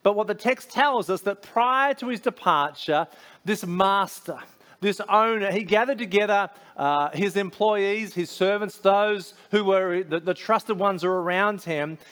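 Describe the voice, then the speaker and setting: A man's voice: sits high, measured pace, fairly bright tone. A man preaching a sermon as a pastor, conversational, with frequent fillers and restarts.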